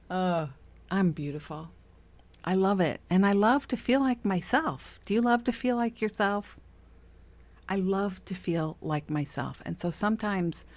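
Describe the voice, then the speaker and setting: A middle-aged woman with a lowish voice hosts a podcast, talking about spiritual self-help in a chatty, casual manner. She laughs often and puts on voices for the people she quotes.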